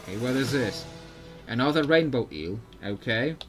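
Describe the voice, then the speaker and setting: A man's voice: medium pitch, lively intonation, moderate pace, soft background music. A man streaming live gameplay commentary, chatty and thinking aloud with frequent fillers. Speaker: streamer playing a video game.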